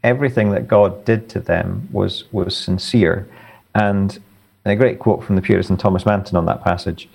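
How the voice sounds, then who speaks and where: A man answering theological questions in an interview, earnest and halting, often repeating words. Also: deep voice, steady tone, vocal fry, a little mellow, husky. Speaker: author and guest.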